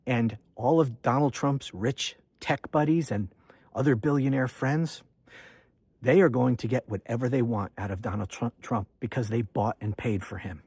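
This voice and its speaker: A man launches an angry political monologue, accusing and hammering the same refrain over and over. His voice sits at a middle pitch with a husky, slightly rough texture. The sound is dry and close, with no room around it. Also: normal speed, a little mellow, no echo. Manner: indignant, accusatory, repeated refrains. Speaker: political commentator host. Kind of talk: angry political rant to camera.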